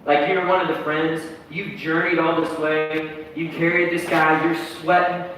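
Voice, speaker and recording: A man in his thirties preaching a sermon as a pastor, telling stories in a lively, dramatic, conversational way. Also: on the high side, measured pace, slight background noise. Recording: echoey hall from far off.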